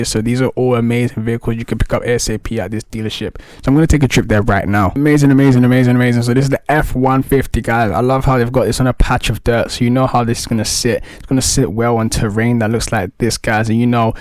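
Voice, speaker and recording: A man giving excitable game walkthrough commentary, full of hype and constantly saying "guys". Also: medium pitch, quick pace, hardly any pauses, no echo. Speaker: gaming YouTuber.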